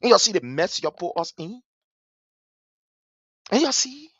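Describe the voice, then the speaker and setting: A Liberian man gives impassioned political commentary, scornful and emphatic, repeating phrases to hammer his points home. His voice is high-pitched, sing-song, fairly bright and husky at a measured pace, with no room sound, in dull lo-fi stream audio.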